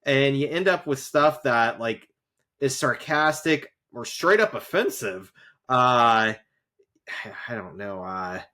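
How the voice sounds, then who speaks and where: A podcast co-host who also grades essays as a teacher talks slowly in a medium-pitched, bright, forceful, expressive voice. Chatting casually on a rewatch podcast, he rambles in long runs full of fillers and restarts.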